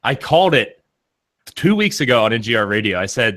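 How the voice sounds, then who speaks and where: A man co-hosting a live watch stream, chatting excitably about video game announcements and rambling with lots of fillers. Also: medium pitch, brisk. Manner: excitable, gushing, rambling with many "like"s. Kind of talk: casual gaming chat.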